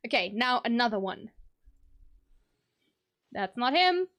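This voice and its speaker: A woman's voice: fairly high pitch, animated, normal speed, pauses often, a bit bright, no echo. A woman live streaming a game, chatting casually and playfully with her viewers and swearing now and then. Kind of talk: casual live-stream chat while gaming.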